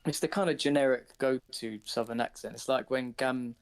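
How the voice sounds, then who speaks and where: British man, gravelly, relaxed chatter, mid pitch. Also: moderate pace. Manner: relaxed, chatty, a little profane. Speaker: guest in voice chat. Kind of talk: casual voice chat.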